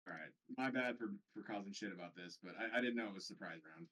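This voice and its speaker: A man playing a tabletop game, talking quickly and apologetically about his turn. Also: lowish voice, pushed and bright. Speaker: player.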